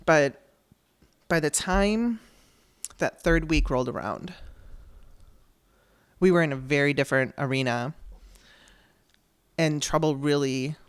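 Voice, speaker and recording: A woman's voice: deep voice, takes it slowly, long pauses, clean tone, no room sound. Candid woman telling a personal story. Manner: candid, conversational, acts out quoted dialogue. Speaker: podcast host.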